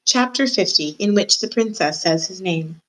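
A woman's voice: medium pitch, animated, moderate pace, a bit bright, rough recording. A woman reading a children's novel aloud, telling it expressively and voicing the characters herself. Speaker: reader.

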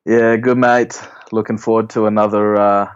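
A man co-hosting a podcast, easygoing and quick to egg his mate on. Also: fairly low pitch, flat delivery, clear, resonant tone, highs cut off. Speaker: podcast co-host. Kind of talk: casual banter.

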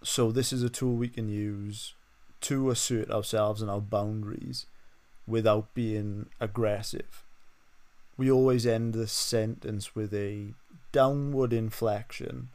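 A man's voice: fairly low pitch, fairly even intonation, takes it slowly, darkish tone. A man hosting an interview, eager in his questions and laughing easily. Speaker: interview host. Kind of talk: casual interview talk.

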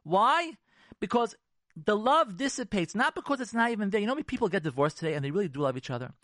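A rabbi lecturing on marriage in a voice pitched a little high that swoops up and down with feeling. He hammers points home by repeating them and sprinkles in Hebrew and Yiddish words. The sound is close and dry, with no room behind him. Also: big pitch swings, fast talker, fairly bright tone, no room sound. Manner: emphatic and repetitive, preacherly; drops Hebrew and Yiddish terms. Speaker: rabbi giving a marriage talk.

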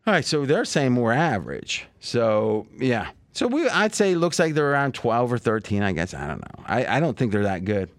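A man's voice: medium pitch, sing-song, moderate pace, hardly any pauses, no room sound. Male podcast host, casual betting talk, meandering, dry close sound. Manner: rambling, thinks aloud with many fillers and restarts. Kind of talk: casual sports betting chat.

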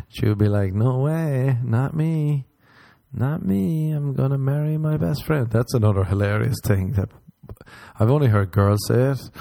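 A young Irish man rambling sardonically in a casual comedic monologue, jumping up in pitch when he acts out other people. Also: creaky, mellow, no room sound. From Ireland.

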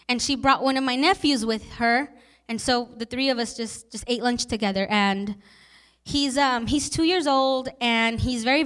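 Young woman pastor, high voice, heartfelt storytelling sermon. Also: fairly bright tone. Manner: personal storytelling, emotional and earnest.

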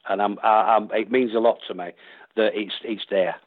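Husky-voiced Yorkshire actor, chatty guest, rambly; dry, thin phone sound. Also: male voice, lowish voice, steady tone, normal speed, no echo. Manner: rambling, full of restarts and acted-out quotes. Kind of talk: casual interview chat. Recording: tinny dry phone line.

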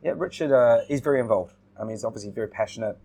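A man who is a podcast guest in casual chat, telling stories in a relaxed way, laughing often and repeating his words. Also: medium pitch, rapid-fire, vocal fry, a little hiss or hum.

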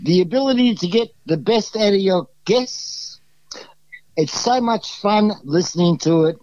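A man's voice: sits high, expressive, measured pace, darkish tone, no echo, muffled recording. An Australian man talking as a podcast guest, telling rambling, exuberant stories full of restarts. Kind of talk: casual storytelling.

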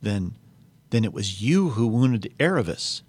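A frightened, lost young boy pleads and questions in a storybook reading, as a man puts him on. His voice rises noticeably above the reader's own low tone. The delivery is anxious and pleading. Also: sing-song, a little slow, a little mellow, breathy edge, no echo, heavily acted.

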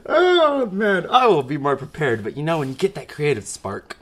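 A man's voice: on the high side, fairly bright tone, slight background noise. Rambling, jokey male podcast host. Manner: rambling, self-mocking, jokey. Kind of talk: solo podcast monologue. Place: garage at home. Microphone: old-fashioned recorder.

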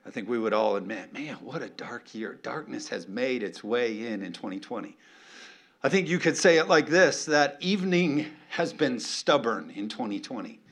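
A man preaching a sermon as a pastor, animated and playful, often calling out for an amen from the congregation. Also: mid-range voice, normal speed. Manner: animated, playful, calls for amens.

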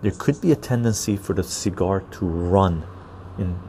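Deep gravelly-voiced man, easygoing chat. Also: lively intonation, normal speed, warm tone, slight background noise. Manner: easygoing, chatty, tags sentences with "right?". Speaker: podcast host. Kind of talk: casual chat while reading live chat. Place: outdoor patio garden.

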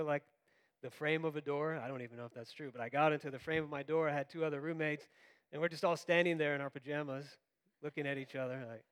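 A man who grew up in Florida, preaching a sermon as pastor and acting out quotes in an animated storytelling manner. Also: fairly high pitch, fast talker, clean tone.

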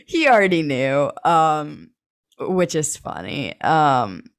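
Chatty young woman, low voice. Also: sing-song, slow. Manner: chatty, full of "like" and "um", laughs often. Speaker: interview guest. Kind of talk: casual personal storytelling.

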